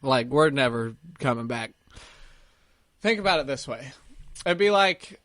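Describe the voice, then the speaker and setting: Young male co-host, rambly storyteller, dry close sound, mid pitch. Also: lively intonation, normal speed, long pauses, a bit bright, dry recording. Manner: rambling, laughs at own stories. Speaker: podcast co-host. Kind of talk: casual chat. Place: camper.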